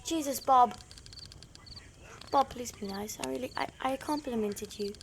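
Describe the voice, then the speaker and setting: A woman's voice: a little high, a little slow, slight background noise. A woman with a New Zealand accent hosting a gaming channel, playing a horror game and talking dramatically to the characters, jumpy and easily scared.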